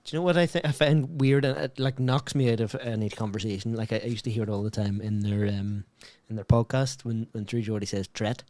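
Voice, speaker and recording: A man's voice: lowish voice, little pitch movement, a little fast, hardly any pauses, a little mellow, no room sound. A man co-hosting a casual football watchalong, bantering, joking and swearing freely with his friend. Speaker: watchalong co-host.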